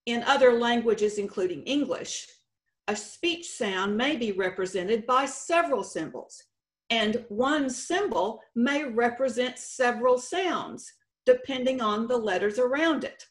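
A woman with a Texan accent giving a conference presentation with slides, explaining slowly and deliberately, stretching out example words. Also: on the high side, animated. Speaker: state contest director presenting. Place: conference session room.

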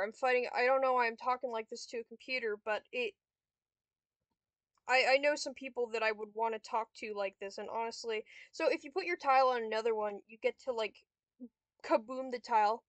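A woman's voice: a little high, no room sound. A young woman giving casual gameplay commentary, swearing and snapping frustrated insults at a computer opponent. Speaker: gamer vlogger.

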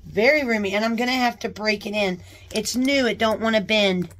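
A woman chatting casually as she unboxes a new purse, gushing with excited exclamations. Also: medium pitch, brisk. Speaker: unboxing vlogger. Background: paper crinkling.

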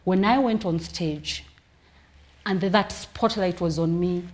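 A young Kenyan woman, a comedian, telling stories in a casual interview with a lively, laughing manner. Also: on the low side, a little slow. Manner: lively storytelling, laughing often. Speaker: comedian guest.

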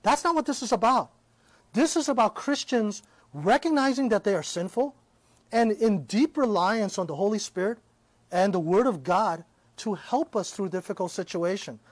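Man, high voice, dry close sound, live Bible teaching, chatty preaching. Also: animated, moderate pace, no echo. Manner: conversational preaching, frequent "okay?" checks. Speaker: Christian teacher.

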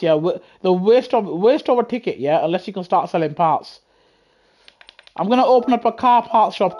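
A young British man chatting excitably to his live chat while playing a racing game on a headset mic. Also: high voice. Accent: British English. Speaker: gaming livestreamer. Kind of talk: casual live gameplay commentary. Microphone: gaming headset.

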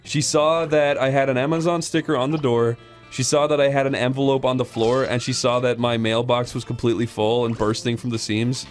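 A man's voice: medium pitch, level tone, brisk, faint music behind. A man co-hosting a casual chat, telling crude, joking stories. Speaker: host.

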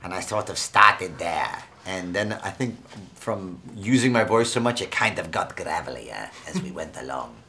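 Gravelly cartoon villain, as a man puts him on. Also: deep voice, animated, normal speed, few pauses, sharp tone, slight background noise, heavily acted. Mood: grumbling.

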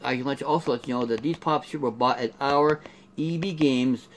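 A man's voice: mid-range voice, fairly quick, slight background noise. Rambling man reviewing collectible figures. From Canada. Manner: rambling, repeats "there" and "here" a lot. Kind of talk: casual unboxing review.

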